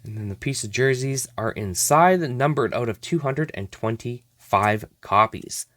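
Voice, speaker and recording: A man's voice: medium pitch, animated, a little slow, fairly bright tone, no room sound. A man hosting a hockey card opening show, chatting casually and exclaiming over each card, often laughing at himself.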